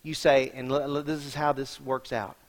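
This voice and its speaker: A man preaching a sermon as senior pastor, emphatic and talking straight to the congregation, dropping from loud to hushed. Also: medium pitch, level tone, moderate pace. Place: church sanctuary. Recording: long reverb of a large hall.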